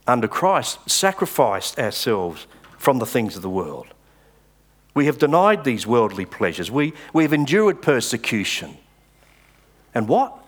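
A male pastor preaching a sermon, reading scripture with dramatic pauses and stressed words. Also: medium pitch, husky.

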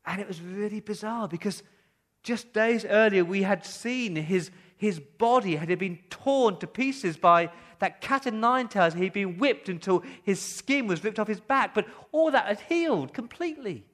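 A preacher giving voice to the disciples, a frightened band of men turned awestruck witnesses, telling the story as one voice. The pitch runs fairly high for a man, and the delivery is excited and vivid. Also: measured pace. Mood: awed. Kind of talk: first-person dramatic monologue in a sermon.

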